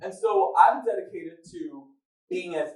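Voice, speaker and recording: Hosting a live event before an audience, a male moderator tells his story with jokes and laughs at his own lines. His voice sits high with a darkish tone and a measured pace, captured from a distance in an echoey room.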